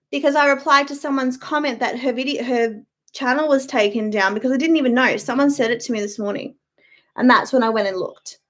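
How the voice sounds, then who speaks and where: A woman's voice: high-pitched, a bit bright. A young woman hosting her own live stream from home on a webcam mic. She rants bluntly and irritably, swears freely and breaks off to greet chat viewers by name. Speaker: YouTube livestream host. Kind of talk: casual live-stream rant.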